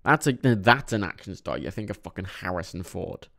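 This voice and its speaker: A young man casually reviewing films, rambling, swearing often, with sudden animated bursts and a tired edge. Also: low voice, normal speed, vocal fry. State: a bit tired. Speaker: film reviewer. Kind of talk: casual monthly movie review vlog.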